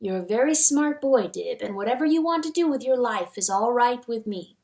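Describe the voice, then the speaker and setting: Brief: woman playing a tender, hushed mother comforting her little boy. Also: a little high, animated, a little fast. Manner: soft, soothing, hushed. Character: gentle soft-spoken young mother.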